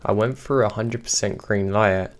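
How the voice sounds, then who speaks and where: A man reading true scary stories aloud in a steady, even storytelling delivery. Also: fairly low pitch, normal speed. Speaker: horror story narrator. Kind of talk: scripted narration.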